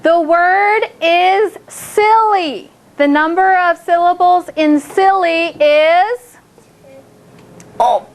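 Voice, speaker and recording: A woman leads second graders through a phonics lesson in a classroom. Her voice sits very high, and she stretches each target word out slowly before cheering the children on. Classroom noise is clearly audible behind her. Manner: slow, drawn-out words for children, upbeat praise.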